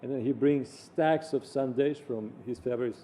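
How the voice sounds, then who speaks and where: A man recounting personal anecdotes in an animated way, acting out the voices of the people he quotes. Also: mid-range voice, moderate pace, slight background noise.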